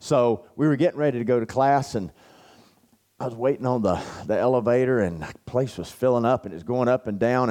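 A man's voice: lowish voice, fairly quick, warm tone. A man speaking at a men's church camp, telling stories in a folksy, anecdotal sermon with lots of fillers. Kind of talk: storytelling sermon.

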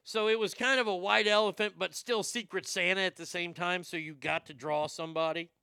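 A man telling profane, rambling personal stories to a live chat, animated and quick to joke. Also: high voice, vocal fry, smooth, no echo, studio quality. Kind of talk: storytelling stream chat.

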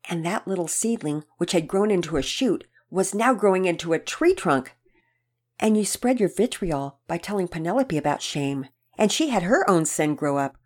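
A woman reading a storybook and voicing a patient father who calmly explains a lesson to his son. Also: on the low side.

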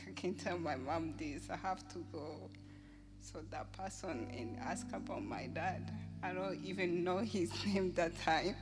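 A woman telling a personal testimony at a church service in a halting way, with small laughs along the way. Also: fairly low pitch. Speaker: church member giving testimony.

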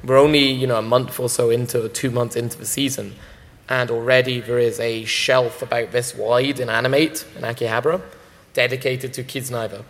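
A man chats on a convention panel, eager and rambling, full of likes and ums. His voice sits in the middle range and rings out with the long reverb of a big hall. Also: medium pitch. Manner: enthusiastic, rambling with many fillers. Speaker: anime distributor panelist.

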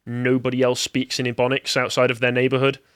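A man's voice: medium pitch, completely flat delivery, fast talker, a bit bright, smooth, no room sound, clean studio sound. An English man co-hosting a podcast, chatting casually and sarcastically about news, reading quotes in mocking voices. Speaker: podcast co-host. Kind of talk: casual political chat.

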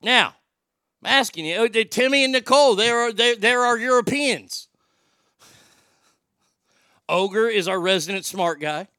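A man's voice: high-pitched, slow, pauses often, pushed and bright, clean tone, dry recording, studio quality. A man from Oklahoma hosting a livestream, reading out viewer comments with jokes and banter. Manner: bantering, joking, reads comments aloud. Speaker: livestream host.

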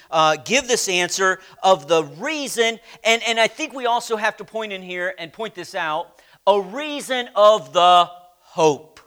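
A man's voice: sits high, bright, forceful tone. A man teaching a church Bible class, speaking emphatically, quizzing his listeners and letting phrase ends sink almost to a whisper. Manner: slow, emphatic, asks the class questions.

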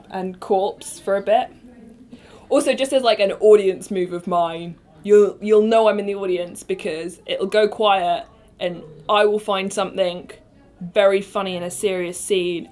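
A woman's voice: mid-range voice, darkish tone. A woman guest on a podcast chatting casually about improv, self-deprecating and laughing often.

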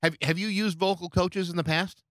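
A man interviewing a singer in a casual chat, halting and stumbling as he builds his points. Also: high-pitched, fairly even intonation, a bit bright. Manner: halting, stumbles over words.

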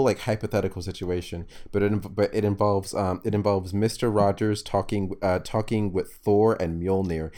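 A man's voice: lowish voice, darkish tone. A man co-hosting a casual podcast chat, rambling and restarting his sentences. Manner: rambling, many restarts and stammered repeats. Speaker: podcast co-host.

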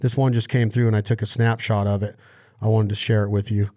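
A man hosting a hunting show and podcast, talking excitedly in casual conversation, rambling with many restarts. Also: on the low side, brisk, no echo, studio quality.

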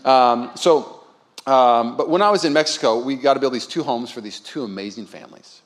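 Male pastor, mid-range voice, casual storytelling sermon with quiet asides and loud emphatic peaks. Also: medium pitch, moderate pace. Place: church sanctuary.

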